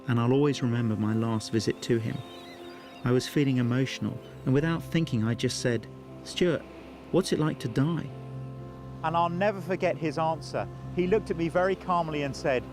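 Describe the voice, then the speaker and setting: A man, a pastor, giving a scripted Bible teaching talk in an earnest, measured way with dramatic pauses. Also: mid-range voice, over music.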